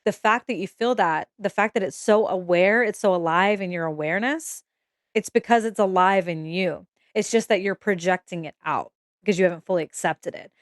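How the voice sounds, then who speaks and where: A woman's voice: mid-range voice, normal speed, no room sound, clean studio sound. A young woman giving a casual, emotional tarot reading to camera, swearing freely and checking in with "okay?" as she goes. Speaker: tarot reader.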